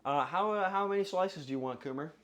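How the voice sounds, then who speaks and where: A livestreamer with a voice going hoarse, joking crudely with chat and bursting into yelling. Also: mid-range voice, a little fast. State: voice getting hoarse. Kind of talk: casual livestream chat with viewers.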